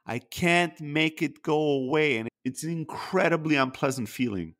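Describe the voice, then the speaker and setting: A man's voice: a little high, normal speed, a bit bright. A man co-hosting a podcast, talking candidly and introspectively in casual chat, swearing freely. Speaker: podcast co-host.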